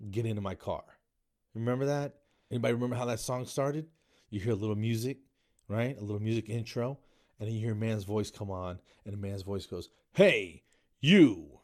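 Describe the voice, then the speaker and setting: A man's voice: on the low side, mellow. A man around fifty giving a rambling, mocking comedy monologue, tagging lines with "man" and "dude.".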